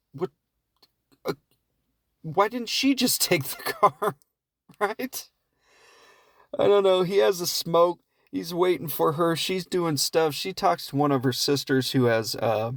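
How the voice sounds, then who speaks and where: A man casually and comically recapping a movie plot, rambling and profane, often slipping into quick quoted voices. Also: medium pitch, no room sound, studio quality. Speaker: podcast host reviewing films.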